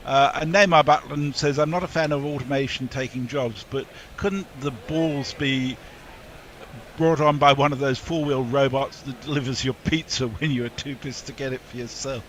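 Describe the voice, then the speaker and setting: A man's voice: medium pitch, steady tone, moderate pace, a bit bright, slight background noise. A man casually reading out listener messages on a cricket broadcast, with chatty, amused asides. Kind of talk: casual chat reading tweets.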